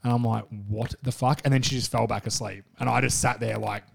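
A man's voice: medium pitch, fairly even intonation, quick pace, vocal fry. A man co-hosting a podcast, telling stories in a rambling, swearing, self-interrupting way. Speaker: podcast co-host. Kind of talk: casual storytelling chat.

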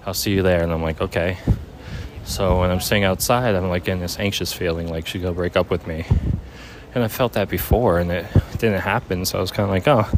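A young man telling a personal story casually, halting with many fillers. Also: low voice, steady tone, heavy background noise. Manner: halting, many ums and likes. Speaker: vlogger.

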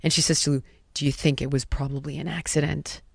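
A woman in her thirties telling a personal story in casual conversation, animated and emphatic, stringing rhetorical questions and dropping to a hush for quoted words. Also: low-pitched, fast, creaky, dry recording, studio quality.

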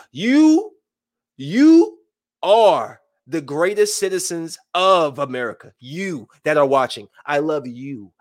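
A man in his thirties giving casual, joking live-stream commentary, swinging between loud bursts and hushed asides. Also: fairly high pitch. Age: 30s.

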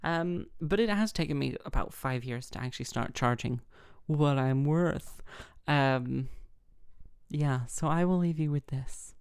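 Chatty woman with heavy vocal fry. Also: low-pitched, measured pace, a little mellow, dry recording, clean studio sound. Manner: chatty, self-mocking, rambling with many fillers. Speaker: harpist and podcast host. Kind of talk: casual solo podcast chat.

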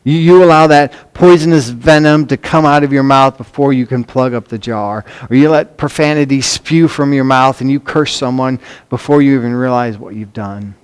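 A man's voice: mid-range voice, moderate pace, hardly any pauses, clean tone. A man preaching a sermon, emphatic and earnest, often repeating words as he drives points home. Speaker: pastor.

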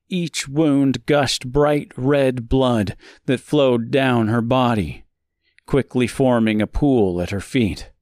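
A man reading a dark story aloud as narrator, speaking deliberately with dramatic pauses. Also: mid-range voice, no room sound. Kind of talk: scripted horror story narration.

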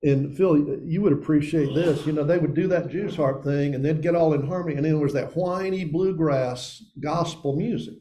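A man's voice: a little high, moderate pace, few pauses, dark tone. A man, a pastor opening his sermon in a folksy, conversational way. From Upper East Tennessee. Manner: folksy and conversational, addresses listeners as guys and dude.

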